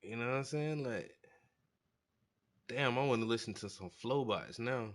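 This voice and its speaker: A man talks loose and slangy, getting worked up as he hypes an artist in a casual reaction. His voice sits at an ordinary middle pitch, neither deep nor high. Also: normal speed. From South Carolina. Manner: excitable, slangy, hyping up the artist. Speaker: host reacting to music.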